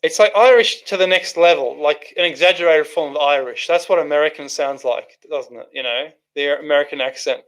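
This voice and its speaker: A man's voice: a little high, a little fast, few pauses, a bit bright. A man hosting a casual livestream, reading out chat comments and rambling with many restarts and fillers.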